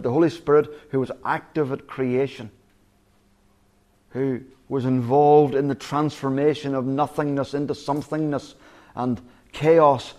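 A man's voice: medium pitch, a little mellow. A male pastor preaching a sermon earnestly, often restarting his words and quoting God's voice. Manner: earnest, with repeated restarts and quoted voices of God.

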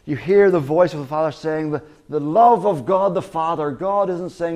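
A man's voice: on the high side, moderate pace, darkish tone. Earnest man preaching a sermon. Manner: earnest, with repeated restarts and quoted voices of God. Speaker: pastor.

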